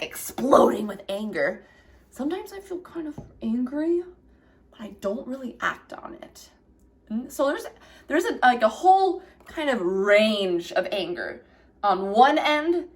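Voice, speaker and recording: A young woman gently teaching children a craft, playful and asking them questions as she draws. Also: a little high. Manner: warm, playful, asks kids questions.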